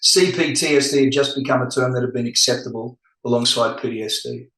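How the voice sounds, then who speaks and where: A middle-aged man talking candidly as a podcast guest, animated and acting out the voices he quotes. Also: mid-range voice, a little fast. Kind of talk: casual podcast conversation. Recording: echoey room.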